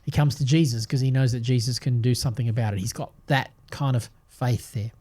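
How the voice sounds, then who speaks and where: An older man hosting a devotional podcast, talking in an earnest, reflective way with gentle restarts. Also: medium pitch, fairly even intonation, a little fast. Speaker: podcast host and Bible teacher.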